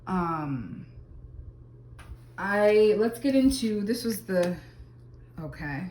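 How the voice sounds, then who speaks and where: A woman's voice: mid-range voice, animated, extremely slow, darkish tone, roomy sound. Chatty woman reading tarot. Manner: chatty, lots of fillers and exclamations. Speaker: tarot reader. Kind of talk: casual tarot reading to camera.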